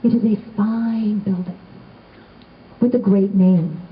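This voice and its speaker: A middle-aged woman giving a heartfelt remembrance speech to a gathered audience, storytelling with gentle humor. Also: medium pitch, fairly even intonation, slow, phone-quality sound, slight background noise. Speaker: assistant band director giving a remembrance talk. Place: indoors on the steps of a renovated old building.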